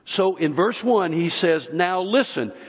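A male pastor preaching a sermon, slow and emphatic, with long pauses between phrases. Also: high-pitched, lively intonation, breathy edge. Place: church sanctuary. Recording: dull, lo-fi recording with long hall reverb.

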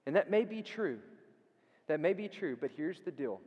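A high-voiced pastor delivers a sermon in a church sanctuary, with a long reverb from the church hall. His intonation is lively, and his dynamic preaching swings from loud and quick to hushed, drawn-out emphasis. He repeats phrases for emphasis and asks the audience questions.

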